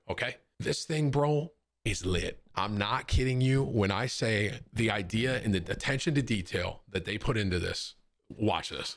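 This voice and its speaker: Hyped young man unboxing, says "bro". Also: mid-range voice. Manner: excitable, says "bro" a lot. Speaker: streamer unboxing a console. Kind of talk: hyped casual unboxing chat. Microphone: studio desk microphone.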